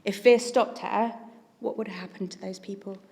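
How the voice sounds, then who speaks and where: Woman, preacher, conversational sermon, medium pitch, reverberant church hall. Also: fairly even intonation, moderate pace, darkish tone. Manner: earnest and conversational, with frequent "like".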